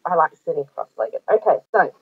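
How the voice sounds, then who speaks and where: A woman's voice: low voice, animated, brisk, breathy edge, dry recording. An Australian woman in her forties chatting casually about crafts, rambling and gushing with many ums and restarts. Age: 40s. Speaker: craft vlogger. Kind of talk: casual show-and-tell chat. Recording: dry tinny phone-like audio.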